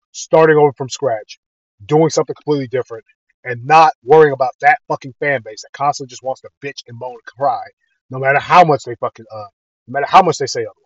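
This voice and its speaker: High-voiced man ranting bluntly. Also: no room sound, lo-fi sound. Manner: blunt, profane, heated opinions. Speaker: video creator. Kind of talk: casual rant to camera.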